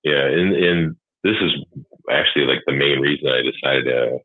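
A man's voice: a bass voice, moderate pace, no echo. A man talking candidly about being a father, rambling and swearing freely. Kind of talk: casual chat. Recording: husky tinny phone-like line, dry.

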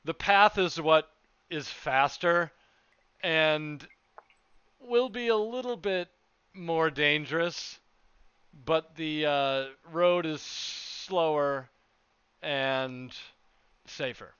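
A man running a tabletop game as game master, his voice high, bright and clear. He speaks in a measured way with pauses. The sound is dull and dry, like a lo-fi home setup. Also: dry recording.

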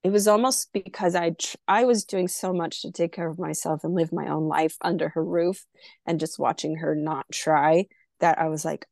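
A woman from California tells her own story as a podcast guest, slipping into the voices of the people she quotes. Her voice sits low and gravelly. The mic is close and the sound is dry. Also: fairly even intonation, moderate pace, a little mellow, no room sound. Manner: candid, emotional, acts out quoted dialogue. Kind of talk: personal storytelling in a podcast interview.

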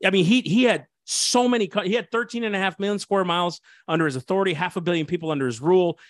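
Fervent assistant pastor, slightly high voice. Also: male voice, fast talker, no room sound, studio quality. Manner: fervent, preachy, frequent restarts and "dude". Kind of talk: impassioned interview talk.

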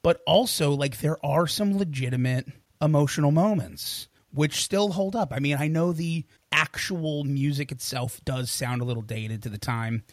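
A man's voice: fairly high pitch, moderate pace, no room sound. A man co-hosting a music podcast, chatting casually with easygoing, emphatic remarks. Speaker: podcast co-host. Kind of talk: casual music review chat.

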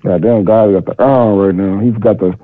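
A man's voice: lowish voice, quick pace, dry recording. A man calls into a podcast, telling crude, joking stories. His voice comes through a thin, tinny phone line with no room sound around it. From Texas, US. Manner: crude, joking, animated storytelling. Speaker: podcast caller. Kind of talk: casual call-in podcast chat.

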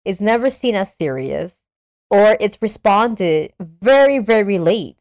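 A woman co-hosting a casual podcast, speaking frankly in conversation with slow, drawn-out stretches. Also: mid-range voice, animated, darkish tone. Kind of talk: casual chat.

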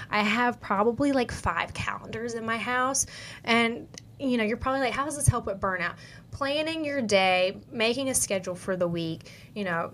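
A woman's voice: mid-range voice, a bit bright, slight background noise. Chatty young woman with a country accent. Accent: Southern US country. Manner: chatty, upbeat, heavy with "like" and "you know". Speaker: podcast host. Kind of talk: casual advice monologue.

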